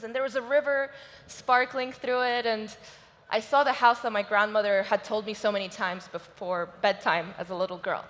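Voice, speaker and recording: A woman's voice: medium pitch, steady tone, normal speed, fairly bright tone. A woman giving a motivational stage talk at a conference, telling a personal story with open emotion. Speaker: conference speaker. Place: large conference hall stage. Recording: reverberant conference hall.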